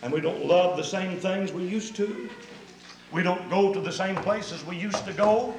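Man preaching an emphatic, folksy sermon; high voice, echoing hall. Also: normal speed, slight background noise.

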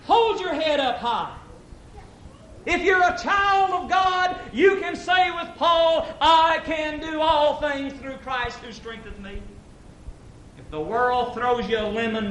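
A man's voice: very high-pitched, a bit bright, a little hiss or hum. Folksy preacher man in an echoey hall. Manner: folksy, emphatic, acts out characters. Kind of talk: sermon with storytelling. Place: church service.

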